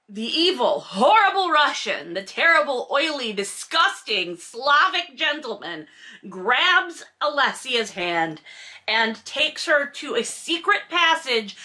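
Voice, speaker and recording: Reading a novel aloud for comedic commentary, a woman in her forties pokes fun at the text with exasperated, sarcastic remarks. Her voice is slightly high, pushed and bright.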